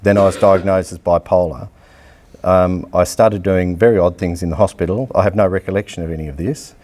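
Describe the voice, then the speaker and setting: A middle-aged Australian man gives a coaching lecture, telling his story in a blunt, lively way. His voice sits fairly low and sounds dark and mellow. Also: fairly quick. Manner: blunt, animated storytelling with acted-out dialogue and laughter. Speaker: athletics coach. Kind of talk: public lecture, personal story.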